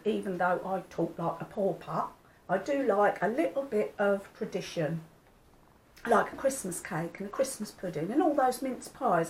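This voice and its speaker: An older woman vlogger chats casually with her viewers in a homely, rambling way. Her voice sits at medium pitch, and the recording is rough.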